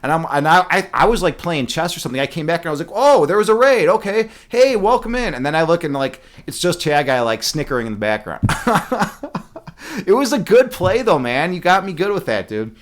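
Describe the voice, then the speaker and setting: A man's voice: fairly high pitch, lively intonation, fairly quick, a bit bright. A young man from the Midwestern US hosting a casual livestream, rambling, swearing freely and joking with his chat. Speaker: livestream host.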